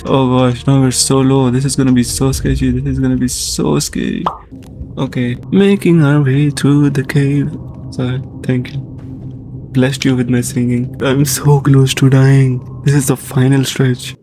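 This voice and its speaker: A man giving casual let's-play commentary on his gaming channel, excitable and jokey, often panicking at what happens on screen. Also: medium pitch, normal speed, background noise.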